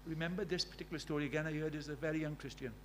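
A South Welsh man preaches with earnest conviction, his voice sitting a little higher than most men's. He swings between loud, pressing emphasis and quiet, confiding stories, with a faint hum behind him. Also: fairly even intonation, rapid-fire. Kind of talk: sermon with personal stories.

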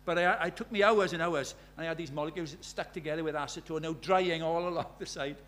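A man with a South Welsh accent preaching a sermon, earnest, moving from loud emphasis to hushed storytelling. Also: on the high side, fast talker. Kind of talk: sermon with personal stories.

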